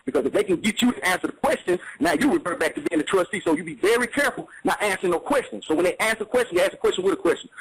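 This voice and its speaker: A man's voice: sits high, animated, rapid-fire, hardly any pauses, slight background noise, low-quality recording. A man explaining in casual, streetwise talk, emphatic and repetitive, often checking that the listener follows. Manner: streetwise, emphatic, repeats "you see what I'm saying".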